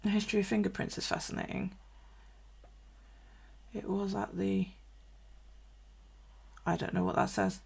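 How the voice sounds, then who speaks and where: A woman with a gravelly, fry-edged voice talks casually through a live stream. She swears freely, laughs often and answers viewers' comments as she chats. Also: mid-range voice, fairly even intonation, unhurried, pauses often. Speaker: bullet journal vlogger.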